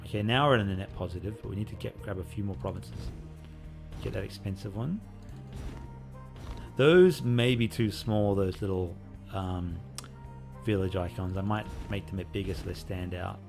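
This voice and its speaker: Low-voiced man chatting through a devlog. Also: moderate pace, creaky, over music. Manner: relaxed, rambling, many fillers. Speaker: indie game developer. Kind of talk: casual gameplay devlog commentary.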